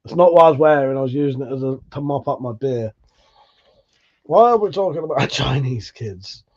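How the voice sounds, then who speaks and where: A man's voice: medium pitch, a little fast, lo-fi sound. A British man hosting a casual livestream, chatting and reading out viewer comments in a laid-back, swearing, chuckling way. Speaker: livestream host.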